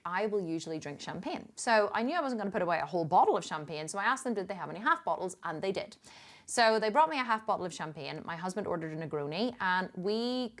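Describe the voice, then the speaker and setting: A middle-aged woman from Northern Ireland with a Northern Irish accent, telling a story in a chatty, emphatic vlog style. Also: medium pitch. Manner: chatty and emphatic, with frequent restarts and laughs. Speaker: fitness coach.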